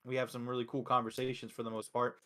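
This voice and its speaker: A man from Philadelphia hosting a casual wrestling review show, talking excitedly and emphatically with frequent swearing. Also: mid-range voice, fast talker. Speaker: host.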